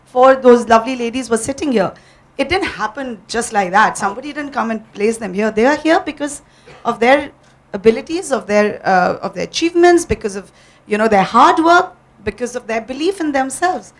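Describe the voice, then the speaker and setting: Female TV presenter, high pitch, persuasive panel speaker. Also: expressive, moderate pace. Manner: earnest, persuasive, with fillers. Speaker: television host on a panel. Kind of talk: panel discussion.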